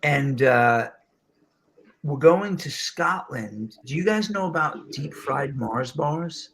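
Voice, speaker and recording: Male host, middle-aged, from New York; slightly raised gravelly voice, lively storyteller. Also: on the high side, slow. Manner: animated storyteller, slips into voices. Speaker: show host. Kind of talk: casual storytelling chat.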